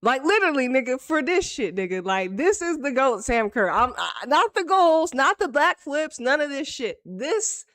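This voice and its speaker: A woman talks football in loose, unscripted banter with a high voice that leaps all over the place. Her delivery is animated and profane, full of quick asides, and the sound is dry and close with no room around it. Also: no echo. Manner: animated, profane, rapid banter with acted quotes. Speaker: football commentator. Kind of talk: casual reaction commentary.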